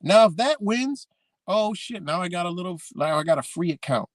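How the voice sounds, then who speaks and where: Guy with aave venting on his podcast, cussing a lot, kinda high voice, dry close sound. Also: expressive, normal speed, no echo. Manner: blunt, heavy swearing, repeats himself. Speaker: podcast host. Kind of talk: casual ranting recap.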